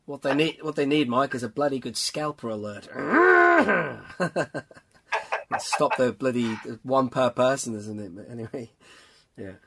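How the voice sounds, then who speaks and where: A man hosting a podcast in casual chat, talking in quick bursts and laughing often as he interrupts himself. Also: mid-range voice, slight background noise. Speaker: podcast host.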